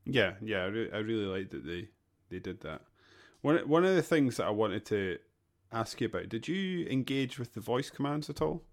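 A man's voice: lowish voice, sing-song, normal speed. A man in a casual gaming podcast chat, easygoing and laughing often, often restarting his sentences. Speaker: podcast co-host.

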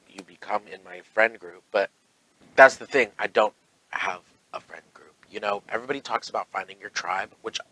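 A male podcast host runs a casual solo show in a sassy, campy style, lurching from big excitable swings to soft, low tones because heartburn has him sore. The recording quality is rough.

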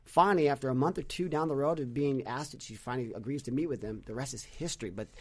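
A man telling stories on a podcast in a casual, animated way, acting out quotes and restarting his sentences often. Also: mid-range voice, fast, husky. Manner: animated storyteller with many restarts, acts out quotes. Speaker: podcast guest, business leader. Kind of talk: casual conversational storytelling.

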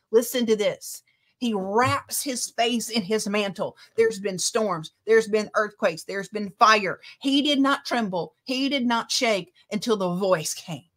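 Woman preacher, fairly high pitch, emphatic sermon delivery. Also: fairly bright tone. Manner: impassioned, emphatic preaching with scripture reading.

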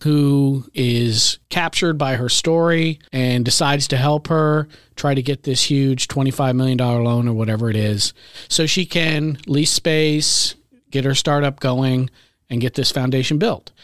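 A man's voice: mid-range voice, steady tone, measured pace, smooth, no echo. A man co-hosting a podcast in casual chat, with dry, wry humor as he walks through a story. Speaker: podcast co-host.

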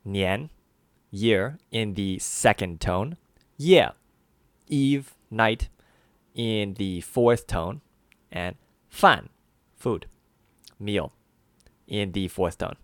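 A man co-hosting a scripted language lesson, slowing down to name each syllable and its tone. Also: fairly low pitch, lively intonation, fairly bright tone, no room sound, studio quality.

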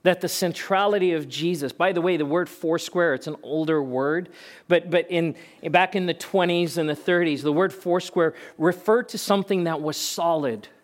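A man's voice: fairly high pitch, moderate pace. A male pastor preaching a sermon in an emphatic, conversational way, asking rhetorical questions.

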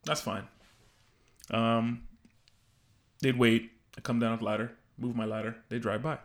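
A young man co-hosting a podcast, telling a work story in a rambling, animated way with frequent restarts. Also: medium pitch, unhurried. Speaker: podcast co-host. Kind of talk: casual storytelling chat.

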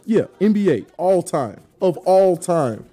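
Male host, mellow tone, playful needling, faint music bed. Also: high-pitched, big pitch swings, measured pace. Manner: teasing, playful, reads viewer comments. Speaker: podcast host reading chat. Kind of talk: casual sports debate.

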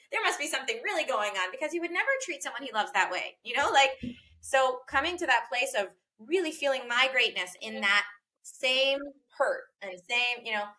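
Woman, bright clear voice, earnest, reflective, casual podcast chat, lots of "like" and "you know". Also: on the high side. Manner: earnest and reflective, with many fillers and repeated phrases. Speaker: parenting educator in a podcast conversation. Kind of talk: casual conversational podcast talk.

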